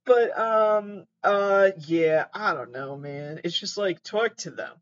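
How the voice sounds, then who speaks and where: Slow and high-pitched, a man reads aloud while sitting on his mattress at home, hosting a rambling stream of casual commentary. He's sarcastic, pokes fun at himself, and swears now and then, all over dull-sounding audio.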